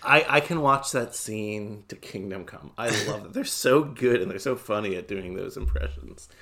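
A man's voice: fairly low pitch, lively intonation, normal speed, sharp tone. A man co-hosting a podcast, chatting animatedly and laughing often. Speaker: podcast co-host. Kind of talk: casual chat.

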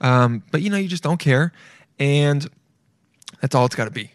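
A man's voice: on the high side, animated, normal speed, no echo, clean studio sound. A young man hosting his own podcast, rambling casually and swearing a lot, tossing in "okay?" and "dude" as he goes. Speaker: podcast host. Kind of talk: casual solo podcast rant.

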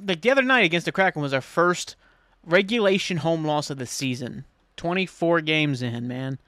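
An American man hosting his own solo podcast, rambling excitedly and swearing freely as he chats. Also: on the high side, dry recording. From United States. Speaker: podcast host. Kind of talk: casual solo podcast chat.

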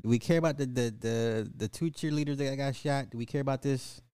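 A podcast host with a clear, resonant, warm mid-range voice reads a news story aloud at a brisk clip, cutting in with sarcastic, jokey asides. The recording is dry with clean studio sound.

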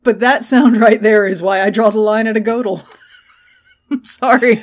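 Woman co-host, casual podcast banter, quick jokes, frequent laughter. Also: on the high side, fairly even intonation. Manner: laughs often, quick and joking. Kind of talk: casual chat.

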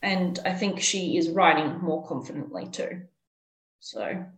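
A woman's voice: lowish voice, a little slow, echoey room, low-quality recording. A woman co-hosting a cycling podcast, a former pro rider chatting and telling stories from racing. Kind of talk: casual podcast chat.

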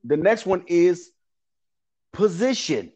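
A man's voice: high-pitched, sing-song, takes it slowly, a little mellow. A man giving motivational advice as an interview guest, earnest and repetitive, preaching with frequent laughs.

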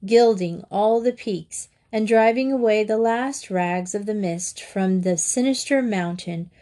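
A woman reading a classic children's novel aloud in a measured storytelling manner. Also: mid-range voice, dark tone. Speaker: audiobook narrator.

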